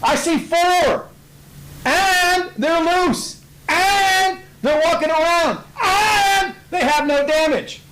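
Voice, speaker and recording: A man's voice: high voice, expressive, moderate pace, slight background noise, voice pushed up, low-quality recording. A man voicing a startled ancient king who exclaims in rising disbelief at what he sees. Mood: astonished.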